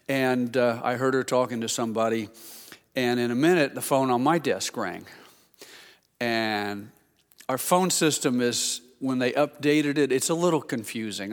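A pastor telling a chatty, excitable story during a sermon. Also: male voice, medium pitch, long reverb tail.

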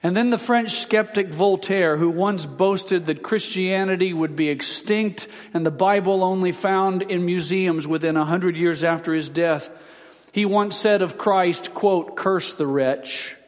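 A man's voice: high-pitched, unhurried, long reverb tail. A man preaching a sermon, reading out quotes in a solemn, dramatic way.

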